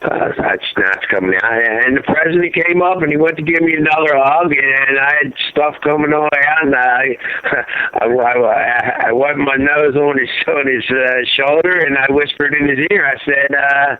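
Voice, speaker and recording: A man's voice: medium pitch, normal speed, no room sound. A middle-aged man speaking over a narrow, phone-like line with no room sound at all. He rambles and circles back, leaning on "you know" and "uh" as he recounts events to the host. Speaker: guest, father of a fallen serviceman. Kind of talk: emotional phone interview. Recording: tinny phone line, dry.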